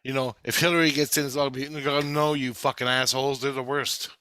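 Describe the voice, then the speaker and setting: A half-awake man rambling through a profane, casual story, quoting others in quick asides. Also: mid-range voice, flat delivery, sharp tone, clean tone, no room sound, clean studio sound. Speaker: video maker. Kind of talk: casual chat.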